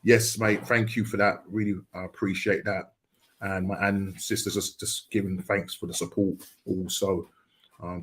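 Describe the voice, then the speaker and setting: Middle-aged male podcast host; low voice, halting and subdued delivery. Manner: halting, full of ums and uhs. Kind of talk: casual podcast chat.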